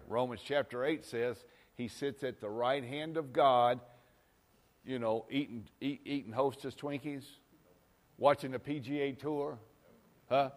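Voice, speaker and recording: A male pastor preaching a folksy sermon, swinging from loud exhortations to quiet asides. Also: mid-range voice.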